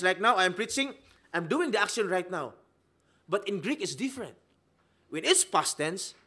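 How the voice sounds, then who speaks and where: Animated high-voiced male preacher. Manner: emphatic, rhetorical questions, swings between loud and soft. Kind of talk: sermon.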